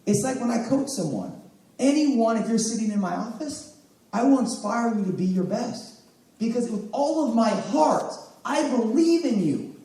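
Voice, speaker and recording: Male health coach, high and animated, motivational stage talk, distant echoey room sound. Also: normal speed. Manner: energetic, emphatic, calls on audience members. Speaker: health coach speaking to a live audience.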